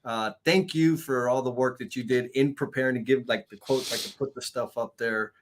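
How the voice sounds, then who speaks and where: A man's voice: medium pitch, normal speed, a little hiss or hum. A man hosting a live stream, upbeat and hyped, talking straight to the audience.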